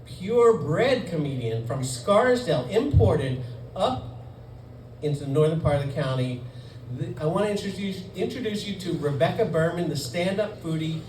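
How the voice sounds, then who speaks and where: High-voiced male host in a noisy, echoey club. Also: animated, moderate pace, mellow. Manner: joking, building up to a cheer. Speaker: show host. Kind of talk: introducing a comedian. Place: comedy club stage with audience. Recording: echoey club from far off, clear noise.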